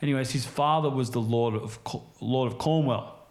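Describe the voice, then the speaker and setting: A man in casual chat, spinning long, rambling stories and swearing nearly every few words. His voice sits in an ordinary middle pitch for a man. The room around him gives it a noticeably echoey, reverberant sound. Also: normal speed, a little mellow. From Australia. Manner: rambling, heavily profane storytelling full of fillers. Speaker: podcast guest. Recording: roomy echo.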